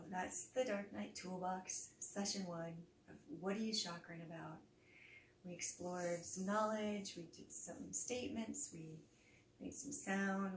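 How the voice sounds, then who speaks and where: Soft-spoken woman guiding relaxation, roomy. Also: fairly low pitch, distant mic. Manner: slow, soft, breathy cues with audible sighing exhales; casual, chatty wrap-up. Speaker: yoga and meditation teacher. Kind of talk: guided relaxation instruction. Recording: roomy echo, voice set back from the mic, faint background noise.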